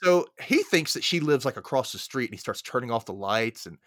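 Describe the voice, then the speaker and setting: A man's voice: mid-range voice, big pitch swings, a little fast, dry recording. Laid-back male podcast host, dry sound. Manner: laid-back, acts out characters with sudden loud yelps. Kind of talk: casual movie recap.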